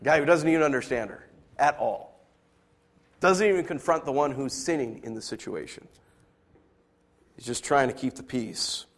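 A man preaching a sermon, acting out quoted voices and swinging from loud outbursts to quiet asides. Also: mid-range voice, moderate pace, pauses often. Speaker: pastor.

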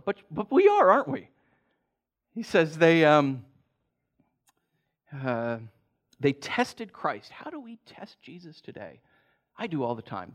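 A man preaching a sermon in a conversational way, with quick asides and laughter. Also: medium pitch, sing-song. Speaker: pastor.

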